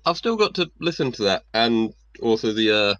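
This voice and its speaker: A man's voice: medium pitch, big pitch swings, normal speed, fairly bright tone, no room sound, lo-fi sound. A man co-hosting a casual podcast chat, with brief dry interjections. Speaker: podcast co-host.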